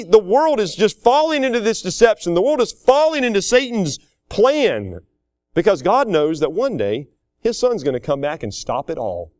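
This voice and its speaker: A man preaching a sermon in a folksy, animated way, with laughing asides. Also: a little high, no echo, studio quality. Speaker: pastor.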